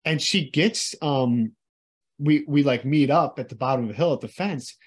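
A man's voice: on the high side, moderate pace, breathy edge. A man co-hosting a podcast, telling a story in casual chat, cursing freely and acting out the people he quotes. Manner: animated storytelling, lots of swearing, acts out quoted people. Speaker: podcast co-host.

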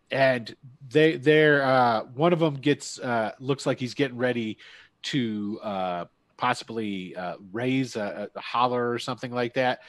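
A man acting as game master, narrating a tabletop game with a medium-pitched voice. He describes scenes haltingly and keeps pausing to find his words. The recording is dry and close. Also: no echo. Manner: halting, many fillers and restarts while describing scenes.

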